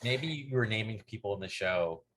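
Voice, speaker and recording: A man with a very low voice that is still bright and forceful. There is a husky edge to it. He rambles through a casual podcast chat, swears freely and jumps in on his co-hosts. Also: animated. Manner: rambling, profane, quick to jump in. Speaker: podcast co-host.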